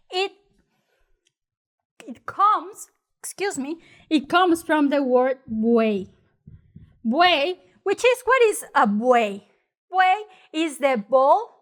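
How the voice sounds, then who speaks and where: A woman from Mexico with a Mexican accent, giving a chatty, informal Spanish lesson in English and acting out examples along the way. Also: high-pitched. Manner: chatty, animated, acts out mocking exaggerated voices. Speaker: Spanish teacher. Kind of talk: casual spoken lesson.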